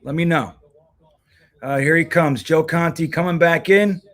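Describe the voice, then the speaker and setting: A man's voice: a little high, measured pace. A man hosting a casual livestream, talking loosely and rambling, swearing now and then. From United States. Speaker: host.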